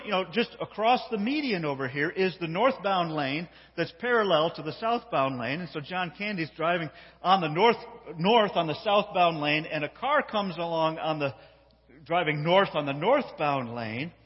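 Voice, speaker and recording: A man preaching with a lively voice that rises and falls widely, a little husky and pitched fairly high. He tells his story with animation, stumbling over repeated words as he gets going. The sound is dull and rings with a long hall reverb. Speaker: pastor. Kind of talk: sermon.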